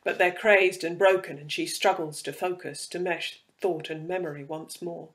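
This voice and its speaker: Man doing ancient cruel creature, taunting, enticing, storybook villain, fairly high voice. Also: steady tone, normal speed, fairly bright tone. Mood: menacing. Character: ancient cruel inhuman creature, mocking and hungry.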